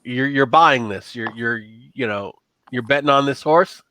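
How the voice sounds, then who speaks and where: A man voicing a gruff, practical Roman guard officer who gives blunt orders. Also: medium pitch, unhurried, bright, forceful tone. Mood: brusque. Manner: blunt, matter-of-fact.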